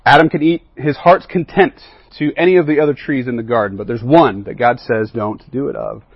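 A man with a husky, breathy voice teaches a Bible lesson to a group, often checking in with "right?" along the way. The sound is dry and close, with no room echo, but a little dull and muffled. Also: mid-range voice, fairly quick. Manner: keeps asking the group questions and checking in with "right?" and "okay?".

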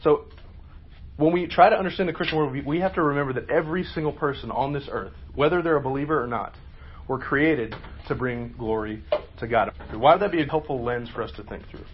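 A man's voice: medium pitch, fairly quick, dull audio, a little hiss or hum. A man leading a group Bible study, asking questions and explaining in a conversational, emphatic way.

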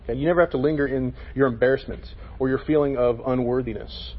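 A man's voice: medium pitch, steady tone, quick pace, slightly rough, dull audio. A man leading a casual Bible lesson for a youth group, talking to them with frequent "okay?" check-ins.

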